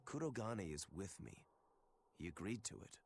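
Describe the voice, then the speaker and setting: An actor playing a brooding male demon swordsman in a game, speaking in a gruff, matter-of-fact way. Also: lowish voice, sing-song, moderate pace, darkish tone, a little hiss or hum. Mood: earnest.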